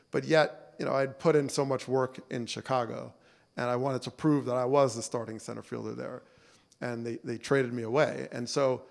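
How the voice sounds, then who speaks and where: Keynote speaker: man in his forties, loose and conversational, mid-pitched voice, hall reverb. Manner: conversational, many fillers like "you know" and "right?". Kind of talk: relaxed storytelling speech. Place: banquet hall. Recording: long reverb of a banquet hall.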